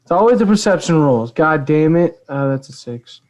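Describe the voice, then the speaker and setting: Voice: medium pitch, animated, moderate pace, a little mellow. Casual tabletop player, mumbles to themselves a lot.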